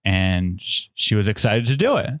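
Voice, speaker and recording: A man's voice: on the low side, big pitch swings, normal speed, dry recording, clean studio sound. A man who is a comedian, chatting in a laid-back, crude, joking way. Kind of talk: casual podcast chat.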